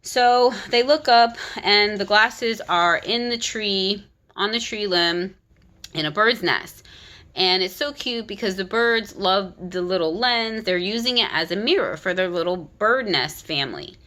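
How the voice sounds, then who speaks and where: Woman ranting casually about a kids book, animated, restarts a lot, bright voice. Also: medium pitch, measured pace. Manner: animated, critical retelling with frequent restarts. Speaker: content creator.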